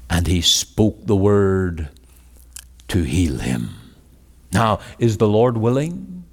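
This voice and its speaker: A man preaching a sermon. He quotes scripture in old-fashioned wording, rising to emphatic exclamations and then dropping to hushed, low words. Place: meeting hall. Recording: long hall reverb.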